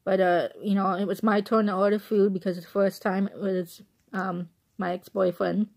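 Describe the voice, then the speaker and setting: A woman's voice: medium pitch, little pitch movement, normal speed, gravelly, darkish tone. A young woman from the Chicago suburbs talking casually into her phone, rambling and often laughing. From Chicago suburbs, Illinois. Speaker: vlogger. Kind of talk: casual chatty movie review.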